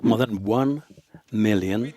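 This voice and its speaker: Man interpreting a speech, halting and measured. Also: lowish voice, dark tone. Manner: halting, measured delivery with frequent fillers. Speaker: simultaneous interpreter at a security forum.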